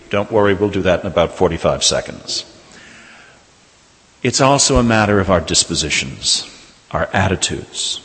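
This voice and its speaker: Low-voiced priest preaching in a church. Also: male voice, fairly bright tone. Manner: measured storytelling, slowing for emphasis. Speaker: Catholic priest. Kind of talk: sermon with personal story. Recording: reverberant church hall.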